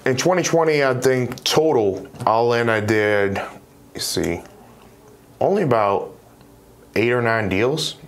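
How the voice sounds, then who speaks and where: Young man, investor guest, animated storyteller, casual chat. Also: medium pitch, takes it slowly, pauses often, a little hiss or hum. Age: 20s. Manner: animated, acts out quoted dialogue. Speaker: real estate investor guest.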